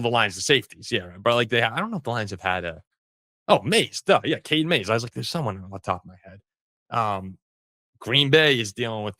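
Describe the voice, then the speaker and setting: Low-voiced man hosting football talk. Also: a bit bright, dry recording, studio quality. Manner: rambling, conversational, with restarts. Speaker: sports show host.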